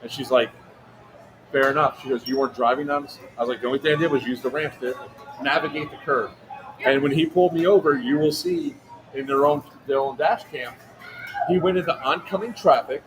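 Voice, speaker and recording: A man casually telling a long, profane story, quick and animated. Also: mid-range voice. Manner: fast, animated, swearing anecdote teller. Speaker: livestream co-host. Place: outdoor airsoft event. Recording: noisy event ambience.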